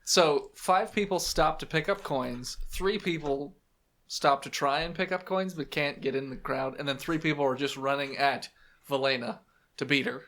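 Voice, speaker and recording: Bright-voiced man running a tabletop game. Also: fairly high pitch, fairly even intonation, normal speed. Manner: casual, laughing, profane. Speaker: game master.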